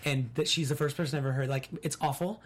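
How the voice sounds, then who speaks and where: Woman host, casual chat, reads comments aloud, animated when quoting. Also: extremely low pitch, fast talker. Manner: animated, acts out quotes from the show. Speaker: podcast host. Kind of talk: casual recap chat reading live comments.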